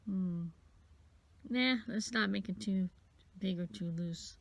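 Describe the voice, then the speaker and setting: A woman's voice: medium pitch, slow, vocal fry, pauses often. A sniffly woman casually rambling through a bead-bracelet craft tutorial, counting beads aloud as she works. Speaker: craft vlogger.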